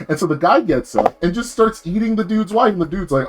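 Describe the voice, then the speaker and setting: A man's voice: a little high, expressive, fast talker, hardly any pauses, noisy background. Rambling, swearing male streamer. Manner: rambling, full of fillers and swearing. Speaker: VTuber streamer. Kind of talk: casual live-stream rant.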